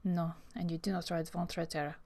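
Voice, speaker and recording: A woman's voice: on the low side, little pitch movement, a little fast, a little mellow, natural voice. A woman reading the part of a dramatic, morbid eighteen-year-old French girl in a breathless, theatrical way.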